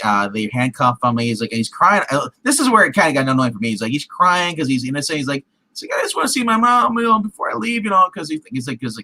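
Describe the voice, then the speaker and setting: A man with a bright, forceful voice chats casually on a film review show. He rambles, stacks up restarts and "he's like" asides, and slips into other characters' voices along the way. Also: medium pitch, poor audio. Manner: rambling, acts out scenes in lively put-on voices. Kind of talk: casual chat.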